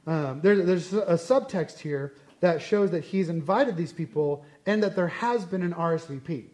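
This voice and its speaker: A man teaches scripture in a relaxed, conversational style. He is animated and often drifts into asides. His voice sits fairly high. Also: moderate pace. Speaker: Bible teacher. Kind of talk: casual Bible study teaching.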